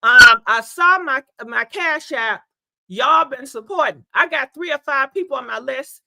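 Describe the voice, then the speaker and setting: A woman chatting casually on a livestream, animated and laughing often, her voice congested and hoarse from being sick. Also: sits high, unhurried, no echo. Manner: chatty, animated, laughs often, addresses viewers as y'all and honey. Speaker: livestream host.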